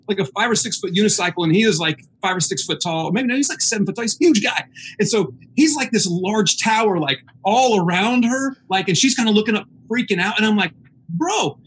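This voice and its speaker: A man's voice: high voice, a little hiss or hum. A man telling a funny story in a casual chat, acting out the voices of others and laughing as he goes. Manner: animated, acts out the voices of others.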